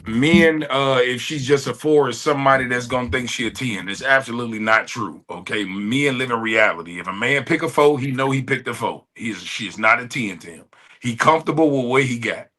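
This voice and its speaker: Blunt raspy man with a Chicago accent. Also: mid-range voice, brisk. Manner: blunt, forceful, peppers points with "okay?". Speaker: panelist. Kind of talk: heated panel debate.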